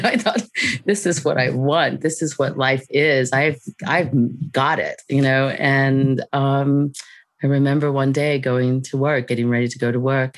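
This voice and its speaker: A woman speaks as a guest, recounting her own story in an unhurried, reflective way and laughing softly now and then. Her voice has a gravelly, slightly fry-tinged texture. The recording is dry and close, with no room sound. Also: extremely low pitch, dry recording. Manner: reflective, unhurried, with soft laughs and frequent "you know". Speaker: podcast guest. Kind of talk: personal storytelling in conversation.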